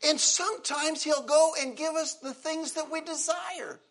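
An older man preaching a sermon, emotional, swinging from loud exclaiming to soft, quiet lines. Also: extremely high pitch, steady tone, a little slow. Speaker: pastor.

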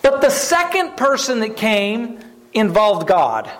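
Very high-voiced man preacher. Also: very animated, takes it slowly, a bit bright. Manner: storytelling, repeats words, asks the listeners questions. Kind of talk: sermon.

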